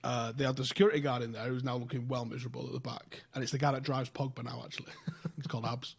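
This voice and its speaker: A young man, telling a story in casual podcast chat, swearing freely and getting animated when excited. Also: medium pitch, quick pace, gravelly, husky. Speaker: podcast host.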